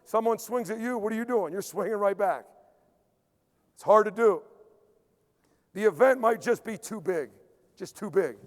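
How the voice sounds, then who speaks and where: A man, a strength coach, giving an emphatic conference lecture, repeating key points and dropping into quiet acted-out asides. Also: high voice, normal speed, pauses often. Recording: long hall reverb.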